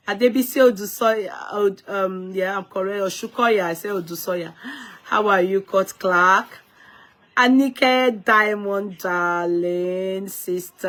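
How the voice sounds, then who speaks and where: A Nigerian woman hosting an unscripted live stream, talking emphatically, scolding, restarting her words and greeting viewers by name. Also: mid-range voice.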